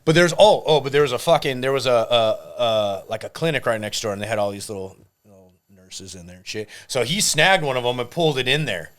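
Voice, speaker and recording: Fast-talking profane tattoo artist storyteller. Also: male voice, mid-range voice, lively intonation. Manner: fast, profane storyteller with loud acted-out quotes. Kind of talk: casual storytelling chat.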